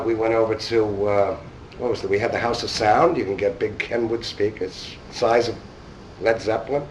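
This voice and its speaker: A man's voice: on the low side, slight background noise. A man, speaking at a conference and telling a rambling, casual story in which he acts out the dialogue. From New York. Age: 50s. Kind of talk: anecdotal storytelling talk. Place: conference hall. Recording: distant mic in a hall.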